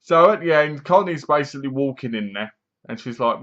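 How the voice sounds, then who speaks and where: A man's voice: medium pitch, expressive, brisk, fairly bright tone, highs cut off. A man giving a rambling, scornful horror film review, often mimicking the characters. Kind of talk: casual ranting movie review.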